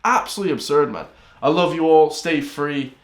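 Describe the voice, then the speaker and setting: A man's voice: fairly high pitch, a little fast. An Irish man hosting a reaction video, ranting and calling his viewers guys and bro. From Ireland. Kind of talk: reaction commentary. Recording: roomy echoey room.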